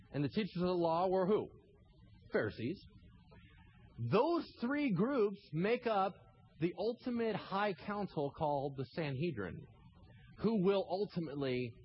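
Animated preacher man, lively rising voice. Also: sits high, dull audio, slight background noise. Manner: animated, acts out scenes with shouted asides. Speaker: pastor. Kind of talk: sermon.

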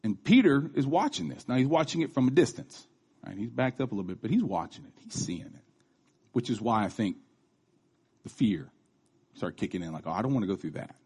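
A man's voice: mid-range voice, lively intonation, normal speed, gravelly, pauses often, a little mellow, breathy edge. A man in his thirties giving a casual, conversational sermon, chatty, with restarts and asides. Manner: acts out quoted voices. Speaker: preacher.

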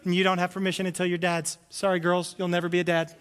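A man preaching a sermon as a pastor, animated and acting out comic voices, a father of several kids. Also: high voice, fast talker, big-room sound, background noise. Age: adult with children. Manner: animated, acts out voices with loud comic bursts.

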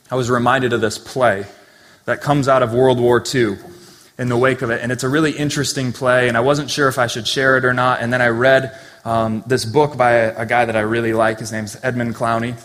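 Man, pastor, sermon, conversational, earnest, mid-pitched voice, long hall reverb. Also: steady tone, a little fast, fairly bright tone. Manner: conversational, earnest preaching with asides. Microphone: handheld or stand mic.

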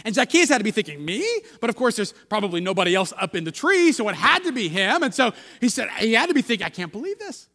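A man with a very high, lively voice gives a sermon in a casual, halting way, often restarting his sentences. His voice rings with long hall reverb, as in a church. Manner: conversational, halting with many restarts. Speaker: pastor.

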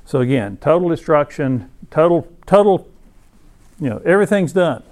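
A man's voice: a little high, expressive, moderate pace, a little mellow. A man teaching a Bible class in a conversational lecture, with many restarts, reading passages aloud between his own comments. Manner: reads scripture passages aloud.

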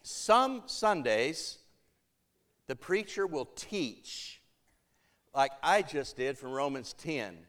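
A man's voice: fairly high pitch, animated, slow pace, long pauses, a bit bright. A middle-aged pastor preaching a sermon, shifting his voice to act out the people he quotes.

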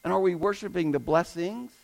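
In a low-quality recording, a male pastor preaches a sermon fairly quickly in a high-pitched, gravelly voice with a darkish tone. He presses his points emphatically, repeating key phrases and putting pointed questions to the congregation.

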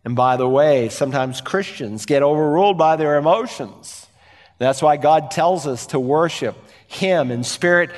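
Preaching pastor in a reverberant hall. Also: male voice, on the high side, moderate pace. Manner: earnest preaching with rhetorical questions and emphatic repetition. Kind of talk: sermon.

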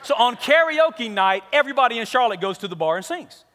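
High, bright-voiced preacher in a big hall. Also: male voice, fairly quick. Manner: animated, comic, acts out the people in his story. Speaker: pastor. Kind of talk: storytelling sermon. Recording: long reverb of a large hall.

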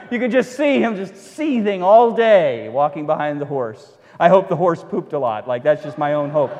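A man with a high voice preaches a sermon, retelling an old story with lively delivery, playing out each character and slipping in dry asides. His voice rings with the long reverb of a large hall. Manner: animated storytelling, acting out the characters and adding wry asides. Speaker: pastor.

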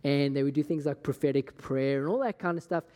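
Scottish male pastor, mellow, slightly high voice, casual storytelling sermon, echoing hall. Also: a little fast. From Scotland. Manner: casual, chatty, acts out conversations. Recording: long hall reverb.

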